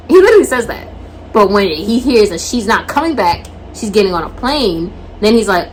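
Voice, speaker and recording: Animated woman recapping a show. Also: mid-range voice, moderate pace, a little hiss or hum, low-quality recording. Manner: animated storyteller acting out characters' lines. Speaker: podcast co-host. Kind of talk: casual anime discussion.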